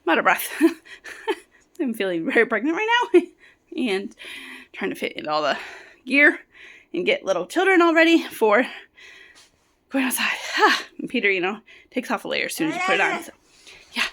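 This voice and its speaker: A young woman hosting a family vlog outdoors in the snow, chatting casually to a handheld camera and cheering on small children in an excitable way. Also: on the high side, moderate pace, pauses often, dry recording. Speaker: vlog host and mother. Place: outdoors in the snow, backyard sledding hill.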